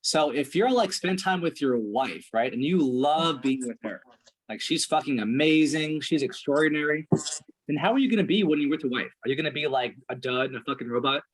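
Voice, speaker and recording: A man's voice: fairly high pitch, animated, fairly quick. A man coaching a client one-on-one, direct and profane, checking in with "right?" again and again. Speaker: performance coach. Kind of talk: blunt one-on-one coaching session.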